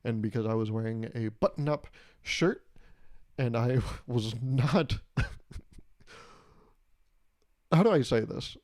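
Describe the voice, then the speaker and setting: A man's voice: mid-range voice, takes it slowly, long pauses, darkish tone. A young man hosting a casual solo podcast, rambling through a story and laughing at his own jokes. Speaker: podcast host.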